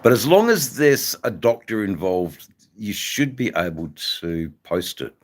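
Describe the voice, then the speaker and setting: A man's voice: on the low side, big pitch swings, measured pace. An Australian man hosting a livestream, chatting in a rambling, casual way and greeting viewers by name. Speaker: livestream host.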